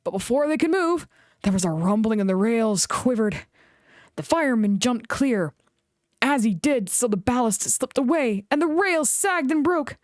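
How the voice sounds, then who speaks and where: A woman reading a children's railway storybook aloud in an expressive, animated way. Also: a little high, moderate pace, no room sound, studio quality. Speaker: storybook reader.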